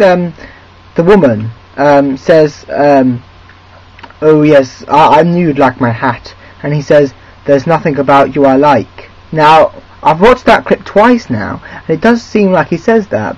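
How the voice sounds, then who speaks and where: Captured on a camera's built-in microphone with a muffled, lo-fi quality, a young film vlogger chats loosely while reviewing a movie for his video diary. His mid-range voice is a little mellow and slightly rough. He keeps starting his sentences over.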